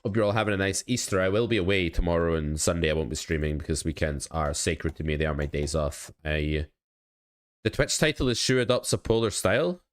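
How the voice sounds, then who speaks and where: Young man, low voice, casual stream host who talks to chat while he plays and coaches. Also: fairly quick. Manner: chatty, self-critical, talks to chat. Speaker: poker coach streaming his play. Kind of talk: casual live-stream commentary.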